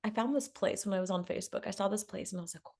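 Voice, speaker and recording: Woman coach chatting, lively storyteller, laughs a lot, mid pitch. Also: rapid-fire. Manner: animated, laughs often, acts out quotes. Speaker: love coach, guest. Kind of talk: casual storytelling in a conversation.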